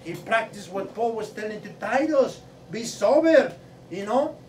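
A man preaching a sermon with fervor, repeating a rhetorical question and building up to shouting. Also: high-pitched, expressive, a little slow. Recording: roomy echo, mic at a distance, faint noise.

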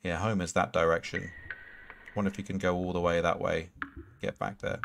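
A man's voice: low-pitched, flat delivery, fairly quick, vocal fry, background noise. A man streaming a game live, chatting casually and rambling through answers to viewer questions. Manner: casual, swears freely. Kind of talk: live gameplay commentary and chat.

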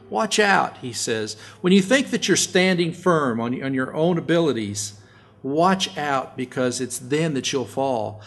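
A middle-aged man preaching a sermon, telling stories in a folksy way and rising loud and high to stress his points. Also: lively intonation, unhurried. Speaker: pastor.

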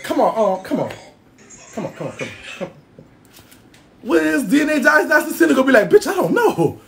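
A man's voice: very high voice, sing-song, a little fast, vocal fry, a bit bright. A man ranting a brash, boastful comedic roast, swearing constantly and laughing often. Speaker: internet personality doing a roast. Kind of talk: profane comedic roast rant.

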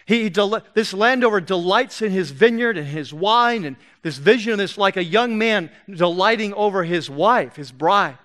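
Guy preaching in church, pretty high voice, gets loud and fired up then drops way down soft. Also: normal speed, hardly any pauses. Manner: animated, rising to loud emphatic bursts then dropping low and soft. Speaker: pastor. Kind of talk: sermon. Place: church sanctuary.

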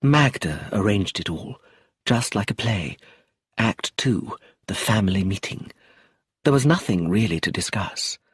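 A man voicing a calm, cool woman in a storybook reading. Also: lowish voice, husky, no echo, clean studio sound, full character voice. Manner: calm, measured.

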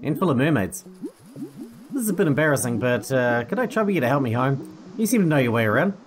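A man's voice: mid-range voice, very animated, fast, music in the background, close to an everyday voice. Brief: dreamy, apologetic lost traveler, mildly embarrassed, read by a man in plain game-dialogue reading. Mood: sheepish. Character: lost, embarrassed wandering adult stranger.

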